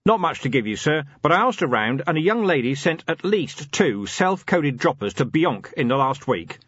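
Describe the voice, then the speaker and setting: A man's voice: fairly high pitch, sing-song, moderate pace, a bit bright, husky, no echo, lo-fi sound, voice pushed up, heavily acted. A man reading a hesitant, nervous young special constable making a report.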